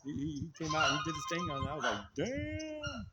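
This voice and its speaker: A man co-hosting a channel, telling a story in casual chat, excitable and full of restarts, shouting sound effects. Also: on the high side, very fast, over loud music. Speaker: co-host.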